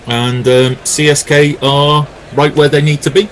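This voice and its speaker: A man giving live ball-by-ball cricket commentary, with lively calls and jokey banter with his co-commentator. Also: fairly high pitch, measured pace, slight background noise.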